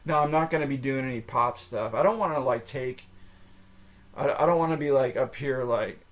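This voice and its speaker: A man's voice: medium pitch, normal speed. An American man hosting his own podcast, talking in a rambling, casual monologue full of fillers and restarts. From United States. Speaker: podcast host.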